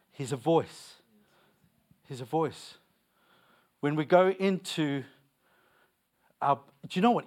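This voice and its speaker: A young man preaching a sermon, repeating lines for emphasis and telling stories with laughter. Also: on the high side.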